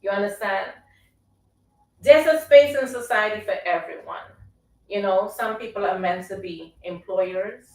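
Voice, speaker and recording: A woman's voice: medium pitch, a little slow, a little mellow, far from the mic. Emphatic woman, roomy sound. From Trinidad. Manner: emphatic, preachy, keeps asking "you understand?". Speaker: radio show host. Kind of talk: motivational casual talk.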